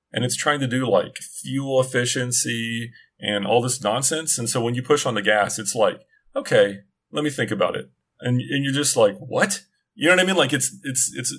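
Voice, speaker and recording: A man's voice: mid-range voice, fairly bright tone. A middle-aged man chatting casually on a podcast, telling a long story with many restarts and asides. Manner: rambling, self-interrupting storyteller. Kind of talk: casual chat.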